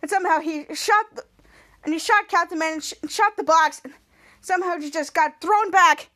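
Her voice is very high and fairly bright as she hosts a podcast, walking through a TV episode one scene at a time. The recap is loose and rambling, full of restarts, and she pops into the characters' lines with quick impressions.

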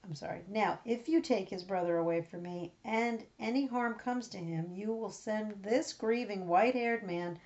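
A woman's voice: medium pitch, normal speed, few pauses, darkish tone, lightly acted. A woman reading out the part of a pleading older brother in an earnest, plain reading voice with small slips. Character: pleading male elder brother. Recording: dull lo-fi recording.

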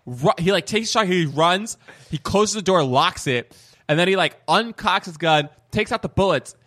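Male co-host, slightly high voice, casual chat, animated scene-by-scene retelling. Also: normal speed. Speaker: podcast co-host. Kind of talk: casual film-review chat.

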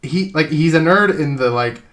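A man's voice: fairly high pitch, moderate pace, a bit bright. A young man co-hosting a casual podcast chat, rambling and sweary with frequent filler words. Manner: rambling, sweary, laughs often.

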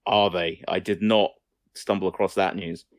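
Brief: male podcast co-host, low voice, loose rambling delivery, dry close mic. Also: fairly even intonation, normal speed, dry recording. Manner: rambling, swears casually, trails off and restarts sentences. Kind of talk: casual film-news chat.

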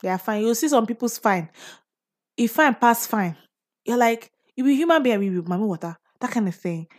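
A woman's voice: on the high side, expressive, normal speed. A young woman with a Nigerian accent, chatting casually and solo as a podcast host, often laughing and slipping into pidgin phrases.

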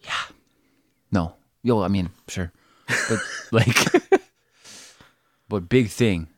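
A man's voice: fairly low pitch, extremely slow. A young man co-hosting a podcast, chatting casually, joking and swearing with easy laughs. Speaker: podcast co-host. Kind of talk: casual chat.

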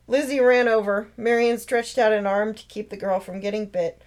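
A woman author narrating her own novel in a steady, expressive read-aloud. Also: medium pitch, moderate pace, low-quality recording. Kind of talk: storytelling narration.

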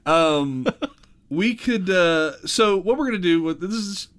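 A man's voice: high voice, expressive, unhurried, a bit bright, smooth. A man co-hosting a casual podcast chat, loose and jokey, laughing often. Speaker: podcast co-host.

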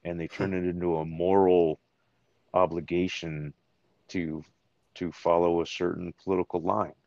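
A man's voice: low voice, little pitch movement, moderate pace, gravelly, darkish tone, no room sound. An American man, a podcast co-host in casual political chat, crude, joking and opinionated. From United States. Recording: dull lo-fi dry recording.

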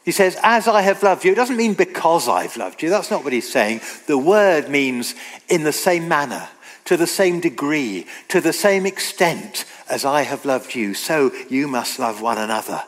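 A man preaching a sermon, earnest and emphatic, slowing down to read scripture aloud. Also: a little high, sing-song. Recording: long reverb of a hall.

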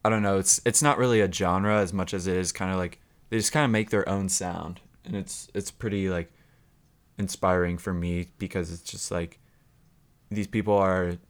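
A man's voice: deep voice, moderate pace. A young man, a musician guest on a podcast, chatting casually in a loose, rambling way with lots of fillers. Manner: relaxed, filler-heavy rambling. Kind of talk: casual chat.

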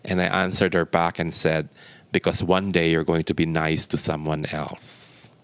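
A man's voice: deep voice, normal speed, dry recording. A man being interviewed, telling a personal story and acting out the dialogue as he goes. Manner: lively retelling with quoted dialogue. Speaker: interview guest. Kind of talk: anecdotal storytelling.

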